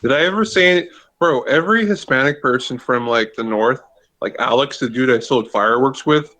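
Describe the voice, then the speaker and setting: A man's voice: mid-range voice, moderate pace, bright, forceful tone, poor audio. A man with a Boston accent chatting casually with a friend. His manner is laid-back and dry. His replies come short and easy, with no rush to fill the gaps. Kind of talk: casual chat.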